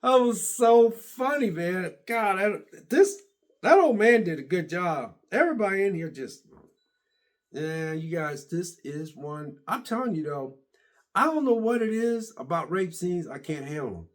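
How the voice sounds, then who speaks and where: Rambling, excitable man with a higher voice. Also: moderate pace. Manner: rambling, retells scenes with many restarts; excitable, laughs and exclaims. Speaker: vlogger reviewing a TV series. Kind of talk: casual rambling reaction chat.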